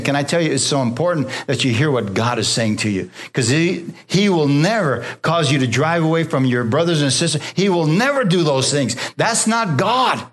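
A pastor preaching a sermon, drawing amens from the congregation and dropping to a soft, low voice when he quotes God. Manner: call-and-response preaching, asking the congregation for amens; drops low and soft for God's voice, rises for emphasis.

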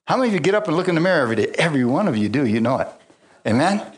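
A man's voice: a little high, very animated, racing. A man preaching a sermon, mixing scripture with personal stories, frequent hallelujahs and call-outs to the congregation, and chuckling often. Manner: swings between loud exclamations and quiet asides. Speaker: pastor.

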